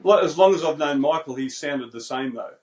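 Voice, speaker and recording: A man's voice: fairly high pitch, animated, a little fast, slight background noise. An Australian man joining a podcast over a video call, easygoing and agreeable in casual chat.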